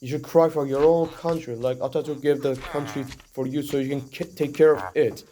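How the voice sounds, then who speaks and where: A man's voice: fairly high pitch, fairly even intonation, a little fast, dark tone. A young man from Iran giving a rambling, earnest opinion monologue to the camera, full of "like" and "you know". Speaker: vlogger.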